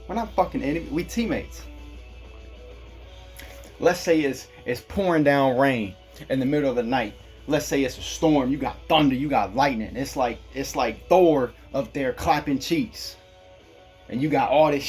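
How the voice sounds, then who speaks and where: A man from Kansas delivering a rambling, profane casual monologue, chuckling at his own jokes. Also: mid-range voice. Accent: Black American English. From Kansas, USA. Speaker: vlogger.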